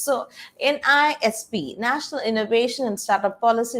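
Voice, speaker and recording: A woman with a somewhat high voice gives an online presentation to faculty and students. She explains each point step by step, filling her pauses with "okay" and "all right". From India. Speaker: panel speaker on innovation policy.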